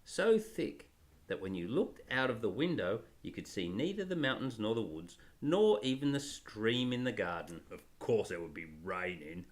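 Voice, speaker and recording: A man's voice: mid-range voice, sing-song, moderate pace. A man, a father, reading a children's story aloud with playful, laughing asides. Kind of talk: storybook reading with jokey family banter.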